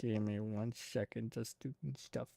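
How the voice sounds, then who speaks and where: A man's voice: lowish voice, fairly even intonation, unhurried, creaky, dark tone. A young man streaming a game, reading its dialogue aloud and dropping wry, offhand asides.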